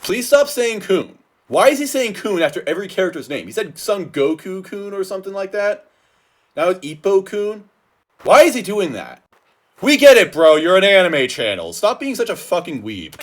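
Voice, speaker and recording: A man's voice: sits high, big pitch swings, moderate pace. A man reacting to a video with casual, sarcastic, exasperated commentary. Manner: exasperated, sarcastic, mumbles trailing asides. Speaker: reaction channel host.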